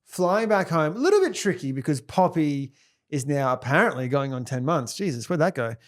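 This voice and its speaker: A man's voice: fairly high pitch, a little fast. A man co-hosting a podcast, telling stories in casual banter and acting out quotes. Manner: animated storyteller, acts out quotes. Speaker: podcast co-host.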